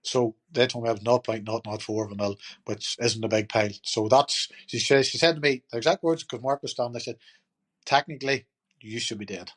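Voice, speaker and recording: A man's voice: mid-range voice, fairly quick, a bit bright. Chatty man telling a story. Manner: chatty, rambling, lots of "you know" and "turned around and says". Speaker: podcast guest. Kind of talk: casual storytelling.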